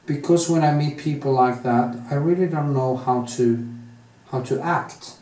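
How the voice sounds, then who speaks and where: A man with a Norwegian accent thinking out loud as he paints, rambling candidly with many restarts and drawn-out stretches. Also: mid-range voice. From Norway. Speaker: artist. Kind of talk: casual monologue while painting. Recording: echoey room, mic set at a distance.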